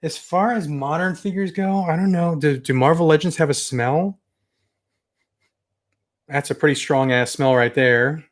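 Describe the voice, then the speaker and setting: A man's voice: on the high side, a little slow. A young adult man casually chatting on a toy collecting livestream, rambling and enthusiastic as he reads viewer comments. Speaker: toy collector channel host.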